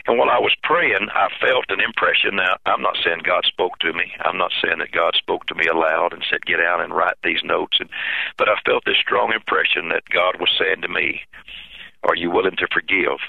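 A pastor speaks in a very deep, gravelly voice, earnest and halting, stumbling over repeated words. The sound is thin and tinny, as if over a phone line. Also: male voice, fairly even intonation, no room sound. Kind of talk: telling a personal story in an interview.

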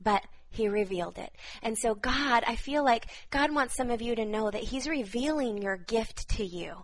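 A woman in her thirties speaking fervently as she gives prophetic words to viewers on a live stream, repeating phrases with soft laughs. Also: on the high side, animated, normal speed, rough recording.

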